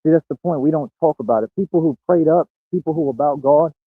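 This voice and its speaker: A man's voice: fairly high pitch, fast, slightly rough, no echo. A man streaming a boastful monologue, brash and bragging, often laughing at his own lines. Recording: tinny phone-like audio, dry.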